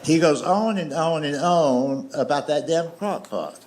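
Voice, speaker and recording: Slow folksy Southern man telling stories. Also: a little high, a little mellow. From Southern United States. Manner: folksy, drawn-out storytelling with dry asides. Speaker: stand-up comedian. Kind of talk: stand-up storytelling. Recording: live show with audience noise. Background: audience laughter.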